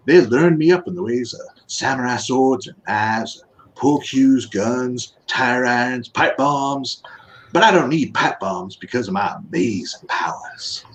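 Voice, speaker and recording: A man's voice: medium pitch, a little hiss or hum, lightly acted, poor audio. A man doing a bragging bayou ninja. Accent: Louisiana. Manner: brash, bragging, folksy grammar. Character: boastful male Louisiana bayou ninja.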